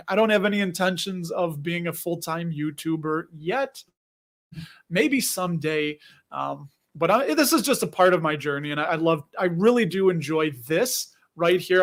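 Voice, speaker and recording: A man with a Chicago accent hosting a casual livestream, rambling and chatty, laughing often as he reads comments. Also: fairly high pitch. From Chicago area. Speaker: livestream host.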